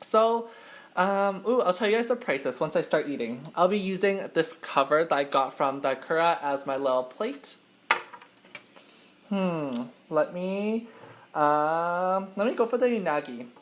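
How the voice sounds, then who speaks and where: A man's voice: a little high, lively intonation, unhurried. A young man hosting an eating show, chatting casually to camera with lots of fillers and a slightly nervous, rambling way of talking. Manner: self-conscious, admits to nervousness. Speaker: mukbang host.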